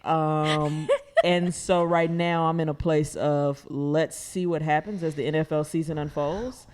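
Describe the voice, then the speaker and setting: Brief: tired woman co-host, deep voice, dry teasing delivery. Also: fairly even intonation, unhurried, a little mellow. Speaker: podcast co-host. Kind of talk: casual chat.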